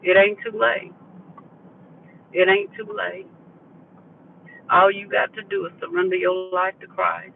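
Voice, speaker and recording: A woman preaching a live motivational message from a moving vehicle, usually talking low and repeating her phrases while calling her listeners baby. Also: flat delivery, a little slow, vocal fry, long pauses, distant mic, phone-quality sound, a little hiss or hum. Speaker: inspirational speaker. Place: riding in a vehicle.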